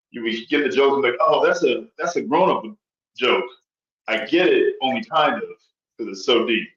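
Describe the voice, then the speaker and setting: A man's voice: mid-range voice, fairly bright tone, lo-fi sound. A man co-hosting a podcast in casual chat, rambling with lots of fillers as he makes his point. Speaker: podcast co-host.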